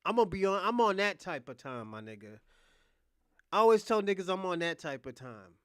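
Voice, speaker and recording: A young man rants heatedly on his livestream, profane and combative, jumping from loud bursts to low mutters. His voice sits high for a man. The sound is dry and close. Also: sing-song, brisk, clear, resonant tone, dry recording. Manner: swings between loud outbursts and muttered asides. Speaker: podcast host.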